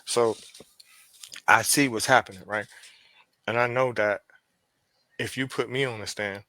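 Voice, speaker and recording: A man with a Pennsylvania accent, a podcast guest telling a story in casual chat, profane and animated as he acts out quoted dialogue. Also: on the low side, unhurried.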